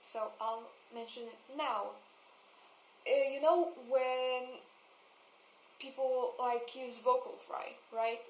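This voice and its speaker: A woman's voice: on the high side, fairly bright tone, rough recording. A young woman vlogger in a casual, swearing rant about things she dislikes, laughing often. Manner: swearing, laughing, exasperated asides; mocks voices with exaggerated vocal fry. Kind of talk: casual ranting monologue.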